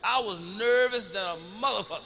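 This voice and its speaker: A man telling a profane story on stage as a stand-up comedian, loud and animated. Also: high-pitched, fairly quick, background noise. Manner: loud, animated, swearing freely. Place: comedy stage before an audience. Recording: reverberant live hall recording.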